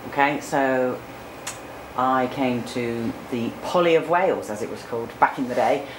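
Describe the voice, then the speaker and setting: Cornish newsreader lady in her 40s, really low voice, chatty answers, echoey noisy room. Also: moderate pace. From Cornwall. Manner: candid, chatty, with fillers. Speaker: interviewed news presenter. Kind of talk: studio interview answers. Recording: echoey room with noticeable background noise.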